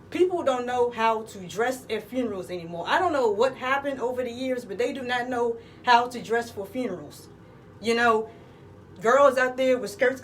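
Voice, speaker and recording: A woman's voice: a little high, recorded from a distance, a little hiss or hum, poor audio. A woman telling a crude, rambling comic story outdoors in the cold. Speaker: comedic vlogger. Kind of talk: profane comedic storytelling.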